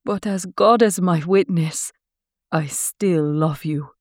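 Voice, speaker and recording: A woman voicing a glamorous female jewel thief from a film, speaking accented English in a husky, pleading, emotional voice. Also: fairly low pitch, slow pace, no room sound, clean studio sound. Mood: defiant.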